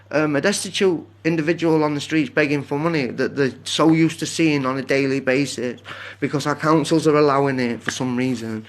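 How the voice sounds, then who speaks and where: A man talks casually on a phone live stream with a fairly high voice. He rambles and keeps drifting off onto tangents. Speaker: livestreamer.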